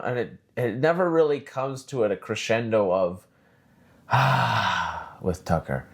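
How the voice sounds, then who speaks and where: A man hosting his own podcast, ranting in a profane, rambling, animated way. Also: mid-range voice, a little slow. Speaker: podcast host. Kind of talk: solo casual podcast rant.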